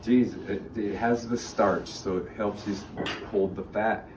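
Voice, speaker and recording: A man's voice: fairly low pitch, steady tone, unhurried. A middle-aged man telling rambling stories with laughs and acted-out quotes as a guest speaker in a library. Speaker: guest speaker on native arts. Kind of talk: casual storytelling talk. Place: library room. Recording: echoey room, distant mic, background noise.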